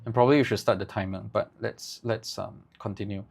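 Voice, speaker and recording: A man teaching ad writing live, thinking aloud in halting bursts and tagging his points with "right?". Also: fairly low pitch, steady tone, gravelly, darkish tone. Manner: halting, with many restarts. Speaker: agency owner teaching ad writing.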